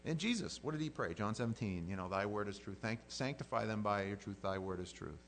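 Low gravelly man preaching a sermon. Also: brisk, fairly bright tone, slight background noise, poor audio. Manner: conversational preaching with repeated words and rising emphasis. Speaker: pastor.

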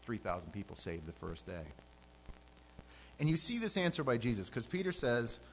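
A man preaching a sermon as pastor, telling the story with animated swings between loud, fervent passages and hushed asides. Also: mid-range voice, a little fast, slight background noise, low-quality recording.

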